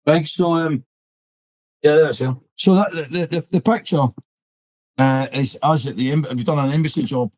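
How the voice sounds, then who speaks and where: A middle-aged Scottish man recalls old army pipe band days in a relaxed interview. He rambles, stumbles over his words and keeps slipping "I says" into his telling. The sound is dry and close, with little room around it. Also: a little high, normal speed, no echo, rough recording. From Scotland. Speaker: interview guest, military pipe band drummer. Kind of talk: conversational storytelling.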